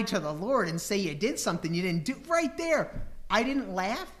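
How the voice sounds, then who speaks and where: A man's voice: high-pitched, very animated, moderate pace, a bit bright. A man preaching a sermon, teaching scripture with rhetorical questions and acting out voices and laughter.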